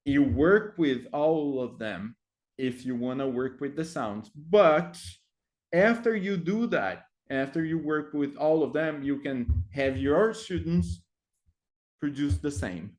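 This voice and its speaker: Male teacher trainer, somewhat high voice, halting delivery full of fillers. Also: animated. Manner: hesitant, many fillers, frequent tag "right?". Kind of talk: explaining classroom activities.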